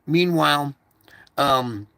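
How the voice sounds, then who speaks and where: A man's voice: fairly high pitch, takes it slowly, gravelly, pushed and bright, clear, resonant tone, dry recording. A man recounting a recurring dream in a rambling, repetitive casual monologue, stopping now and then to fiddle with his equipment.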